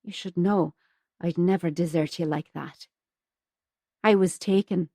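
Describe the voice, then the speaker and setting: A woman's voice: on the low side, steady tone, unhurried, mellow, no room sound, clean studio sound. Finn, a woman narrator voicing a young orphan man. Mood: earnest. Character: young man, orphan returning after years.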